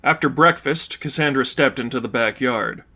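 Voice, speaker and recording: Bright-voiced male story narrator. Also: mid-range voice, moderate pace. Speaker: fanfiction reader.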